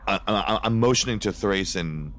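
A man's voice: lowish voice, normal speed, fairly bright tone. A man playing in a tabletop role-playing game, talking in a stammering, laughing manner with frequent swearing. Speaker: player. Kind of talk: tabletop role-play banter.

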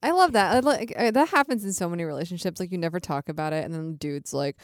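A young woman co-hosting a casual podcast, expressive and gushing, swearing freely as she recaps a show. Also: on the low side, quick pace, few pauses, no room sound, clean studio sound. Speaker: podcast co-host.

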